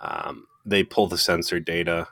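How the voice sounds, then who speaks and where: A man's voice: low voice, flat delivery, unhurried, pushed and bright, dry recording, clean studio sound. A man co-hosting a podcast, giving wry, opinionated takes in casual chat and swearing freely. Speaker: podcast co-host.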